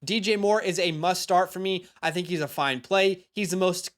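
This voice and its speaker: Young man, fantasy football host, high-pitched voice, punchy emphatic delivery, close mic. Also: a bit bright. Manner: hyped, emphatic, speeds up and slows down. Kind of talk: energetic sports advice monologue.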